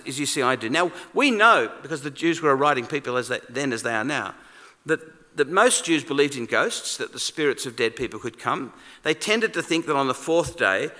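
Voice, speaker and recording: A man preaching a sermon in a conversational, animated way, acting out quoted lines. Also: mid-range voice. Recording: long reverb of a large hall.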